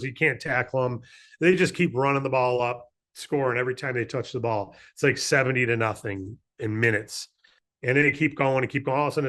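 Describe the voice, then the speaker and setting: A man running a business training call, speaking in an energetic, persuasive way and telling a fable. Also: mid-range voice. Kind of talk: motivational training talk with a fable.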